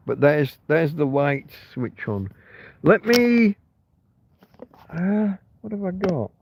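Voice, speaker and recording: A man's voice: on the high side, takes it slowly, gravelly, a little hiss or hum. Rambling man on a tinny livestream. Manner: rambling, swears a lot, reads chat aloud. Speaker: livestream host. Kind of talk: casual livestream chat. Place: in bed in a van or caravan. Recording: tinny phone-like sound.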